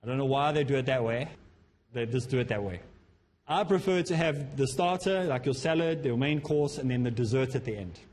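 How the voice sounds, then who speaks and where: A man from Africa, lecturing students on public speaking in a lively way that acts out the speakers he quotes. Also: medium pitch, a little hiss or hum. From South Africa.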